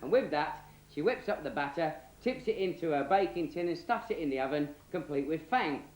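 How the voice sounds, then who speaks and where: A man's voice: on the high side, lively intonation, a little fast. A man with a Cockney accent telling a bawdy comic story in a rambling, cheeky, slangy way. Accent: London Cockney. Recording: roomy echo, faint hiss.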